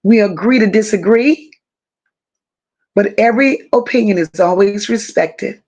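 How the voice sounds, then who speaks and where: This livestream host has a mid-range, darkish voice and a measured pace. She chats casually, welcoming viewers individually as baby, boo, and similar pet names, over dull lo-fi audio.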